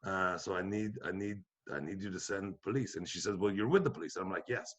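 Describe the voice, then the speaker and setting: A middle-aged man from Quebec telling a profane, animated anecdote on a podcast, acting out the other people's voices. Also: low voice, fast. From Quebec, Canada. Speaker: podcast guest comedian. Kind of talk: storytelling anecdote.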